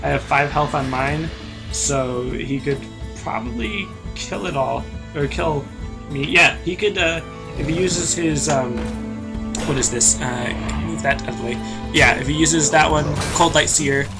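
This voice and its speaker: A man's voice: fairly high pitch, measured pace, creaky. A young man casually commentating his own card game match, chatty and rambling, often breaking into giggles. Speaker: gameplay commentator. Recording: music playing behind.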